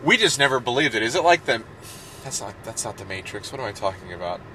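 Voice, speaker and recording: A man's voice: medium pitch, very animated, fast, bright, forceful tone, slight background noise, rough recording. A man hosting a podcast in casual chat, rambling and joking, often breaking off mid-sentence. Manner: rambling, joking, self-interrupting. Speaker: podcast host.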